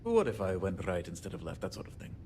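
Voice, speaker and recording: A man's voice: low voice, huge pitch swings, fast talker, dark tone, slight background noise. An actor playing a short-tempered, self-deprecating male handyman in a video game, speaking in a wry, joking way. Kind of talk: video game character dialogue.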